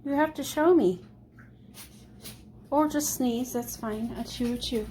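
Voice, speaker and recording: A woman talks slowly and rambles in a casual cooking vlog, chatting to her cat as she goes. Her voice sits a little high, and a faint kitchen hum runs underneath. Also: dark tone. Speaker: vlogger. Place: home kitchen.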